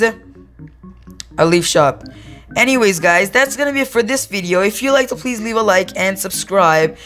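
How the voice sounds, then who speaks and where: A man's voice: sits high, fairly bright tone. A teenage boy giving casual, rambling commentary over his gameplay, often stopping to correct himself. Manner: rambling, self-correcting, easily amused. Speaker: gaming YouTuber.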